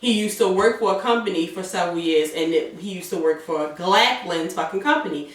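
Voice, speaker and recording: A woman's voice: lowish voice, a little fast. A woman in casual chat, animatedly retelling a TV episode with plenty of profanity. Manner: animated retelling with acted-out quotes, heavy profanity. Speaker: podcast co-host recapping a TV episode. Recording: echoey room from far off the mic.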